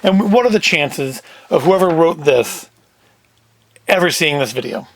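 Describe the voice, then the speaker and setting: A man's voice: on the high side, expressive, unhurried, no echo. A man hosting a casual solo talk, who rambles and thinks aloud in a chatty way. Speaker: host.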